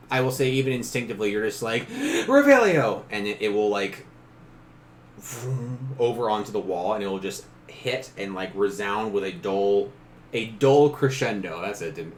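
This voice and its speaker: A man's voice: on the low side, moderate pace, slight background noise. A man narrating as game master in a casual tabletop session, laughing often and briefly acting out characters.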